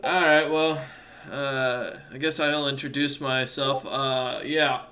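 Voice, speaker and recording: A man's voice: mid-range voice, flat delivery, slow, pushed and bright. A man voicing a scarred, one-armed male dwarf general who questions people crudely and bluntly. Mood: gruff.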